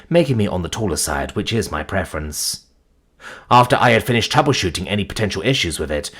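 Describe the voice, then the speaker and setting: A man reading a first-person sci-fi story as narrator, deliberate and even. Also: low voice.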